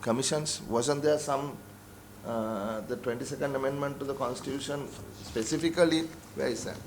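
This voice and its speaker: A middle-aged man with a Sri Lankan English accent, chairing a parliamentary committee and directing the hearing with brisk interjections. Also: mid-range voice, steady tone, noisy background.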